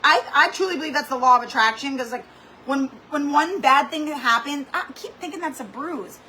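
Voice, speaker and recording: High, bright-voiced woman telling stories. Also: fairly quick, slight background noise, low-quality recording. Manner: animated, dramatic storytelling with lots of "like". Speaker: craft livestream host. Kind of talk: chatty livestream storytelling. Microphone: computer or camera mic for a live stream.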